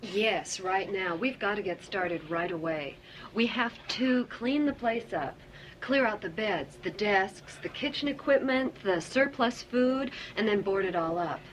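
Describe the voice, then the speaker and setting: An actress playing a young woman who hands out cleanup assignments to her work crew in a brisk, businesslike way. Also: mid-range voice, a little hiss or hum, close to an everyday voice. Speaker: film character.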